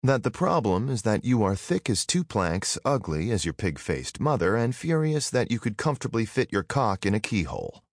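A man's voice: lowish voice, very animated, normal speed, few pauses, no room sound, clean studio sound. A man voicing a brash young woman fighter in an audiobook, mocking and cutting.

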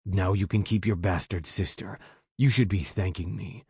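A man's voice: low-pitched, steady tone, normal speed, darkish tone, slightly rough, no echo, clean studio sound, full character voice. A man voicing a cruel, mocking older brother in an audiobook. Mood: cold mocking. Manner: cold, mocking. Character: cold cruel older brother, male villain.

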